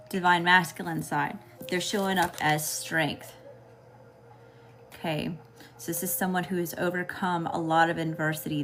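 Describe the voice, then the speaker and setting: A woman's voice: lowish voice, a bit bright. Southern woman doing a casual tarot reading. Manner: casual, keeps checking in with "okay?" and greeting chat. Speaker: tarot reader. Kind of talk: live-streamed tarot reading.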